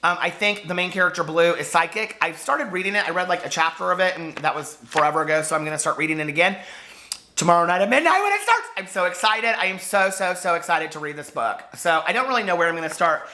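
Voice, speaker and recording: A man chatting to camera as a book vlogger, gushing and full of fillers, hoarse from losing his voice. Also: high-pitched, expressive, fast talker, bright, forceful tone, slight background noise. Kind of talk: casual chat to camera.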